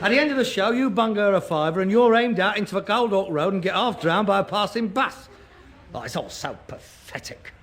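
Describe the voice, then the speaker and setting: A sarcastic son. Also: male voice, high voice, fast talker, few pauses, fairly bright tone. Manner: sarcastic, mocking, scornful. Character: sardonic grown son mocking his father. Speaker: son in a sitcom. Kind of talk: broadcast sitcom acting.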